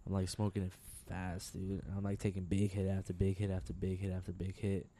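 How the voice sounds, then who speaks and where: A man co-hosting a podcast, telling a rambling story full of swearing and slang, laughing often, relaxed and high. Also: brisk, slight background noise. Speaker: podcast co-host. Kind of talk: casual chat.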